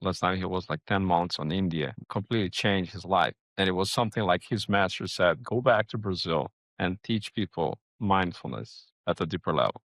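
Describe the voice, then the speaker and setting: A man hosting a podcast interview, musing out loud with halting restarts and searching questions. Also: deep voice, no echo. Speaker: podcast host. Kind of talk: casual interview conversation.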